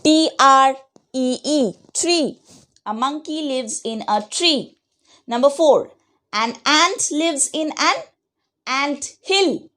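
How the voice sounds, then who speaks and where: Brief: female teacher, high voice, unhurried, patient dictation for young kids. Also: expressive, fairly bright tone. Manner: slow, patient dictation, spelling words letter by letter. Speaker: schoolteacher. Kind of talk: online class lesson. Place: home.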